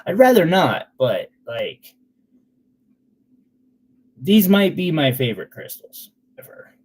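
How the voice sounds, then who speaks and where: A man's voice: fairly high pitch, sing-song, slow pace, breathy edge. Chatty man selling gems on a stream. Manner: chatty and sentimental, with loose fillers. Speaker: gemstone seller on a live sale stream. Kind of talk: casual live sales chat.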